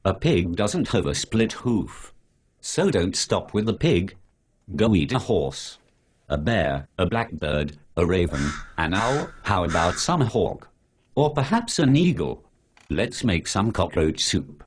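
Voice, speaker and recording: A man's voice: deep voice, big pitch swings, takes it slowly, slight background noise, full character voice. A speech synthesizer doing a preachy sarcastic superhero man. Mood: lecturing. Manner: lecturing, sarcastic, lists things off. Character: preachy sarcastic male superhero who refuses pork. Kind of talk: synthetic animated dialogue.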